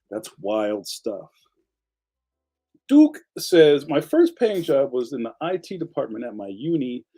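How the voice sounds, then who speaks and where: A man hosting a relaxed live show, reading viewer comments out loud and reacting with easy laughter. His voice sits a bit high but has a mellow, soft tone. His pitch jumps up sharply when something surprises him. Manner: chatty, laughs often, animated pitch jumps. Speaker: livestream host.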